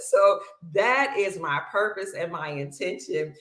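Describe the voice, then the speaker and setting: A woman hosting a livestream, chatting casually and warmly thanking viewers by name, calling them honey, sister and family, long-winded and bubbly. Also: on the low side, lively intonation, unhurried, hardly any pauses, reverberant. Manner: effusive and affectionate, calls viewers honey, sister, brother and family. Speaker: livestream host. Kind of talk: casual livestream chat reading viewer comments.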